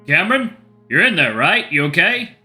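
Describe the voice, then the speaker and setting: A man voicing a worried male bear in a game, speaking in an urgent, coaxing and loud way. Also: sits high, sing-song, fast, faint music behind, pitched above the performer's own voice, full character voice.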